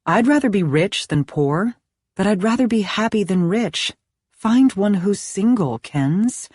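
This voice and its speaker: A woman voicing a sincere, gentle young woman speaking earnestly. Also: mid-range voice, expressive, measured pace, husky, dry recording, voice pushed up.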